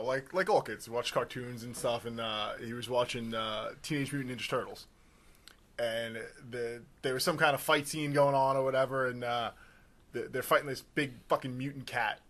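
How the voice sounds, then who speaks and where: A man in his thirties co-hosting a casual podcast, telling stories loudly and swearing freely. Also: mid-range voice. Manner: loud animated storytelling, swearing. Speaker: podcast co-host.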